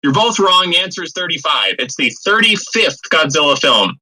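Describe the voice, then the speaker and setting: A man's voice: a little high, very animated, normal speed, sharp tone, low-quality recording. A man co-hosting a podcast and running a quiz, with dry, matter-of-fact delivery. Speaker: podcast co-host, quizmaster.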